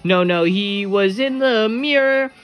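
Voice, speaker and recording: A man's voice: sits high, unhurried, clear, resonant tone, muffled recording, faint music behind, pitched above the performer's own voice. A man voicing a scared stammering little boy. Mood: earnest. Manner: stammering, anxious. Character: frightened little boy, timid and confused.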